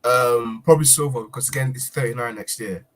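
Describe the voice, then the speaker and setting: A man in casual football chat, hesitant with many pauses and ums. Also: mid-range voice, fairly bright tone. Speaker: panelist.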